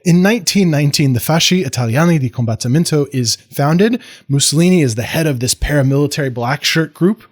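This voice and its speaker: A man's voice: a little high, fairly quick, few pauses. An American man giving a history lecture in a casual, digressive way, with self-deprecating asides and restarts. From United States.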